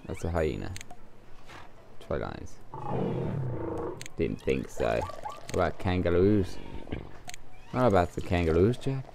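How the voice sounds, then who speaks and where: A man's voice: sits low, sing-song, slow pace, creaky, long pauses, heavy background noise. A man giving casual commentary while he plays a game, thinking aloud as he goes. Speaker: let's play gamer.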